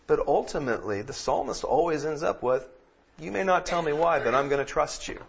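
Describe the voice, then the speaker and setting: A man preaching a sermon, moving from calm teaching to loud, emphatic peaks. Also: fairly high pitch, a little fast, creaky, slightly rough, lo-fi sound. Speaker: pastor.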